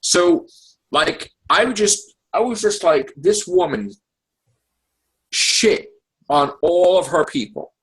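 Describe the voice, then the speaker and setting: Profane, animated husky man ranting. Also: high voice, takes it slowly, long pauses. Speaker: podcast host. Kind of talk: heated casual political rant.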